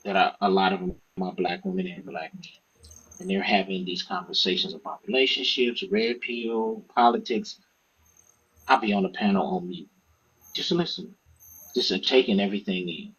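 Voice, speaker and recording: A man, an author and podcast guest, telling stories in a casual, profane, animated way and acting out what others said. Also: low voice, normal speed, husky, muffled recording. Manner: animated, profane, acts out quoted speech. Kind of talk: casual storytelling interview.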